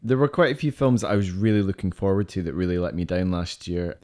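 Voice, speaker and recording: A man's voice: low-pitched, steady tone, quick pace, darkish tone. A man co-hosting a casual podcast, eagerly listing films he liked and disliked. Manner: rattles off lists of film titles, enthusiastic, with fillers. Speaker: podcast co-host. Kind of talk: casual film chat.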